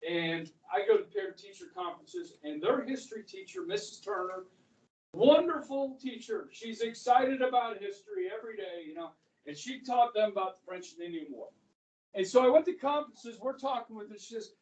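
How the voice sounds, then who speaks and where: A man's voice: high-pitched, expressive, fairly quick, darkish tone. Chatty male history teacher lecturing a class. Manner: chatty, keeps checking in with students. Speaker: high school history teacher. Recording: echoey classroom from far off.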